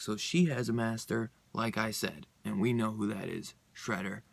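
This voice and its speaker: A man's voice: on the low side, normal speed, vocal fry, hardly any pauses, no echo. A young man giving a rambling, casual comic book review, full of fillers and laughing often.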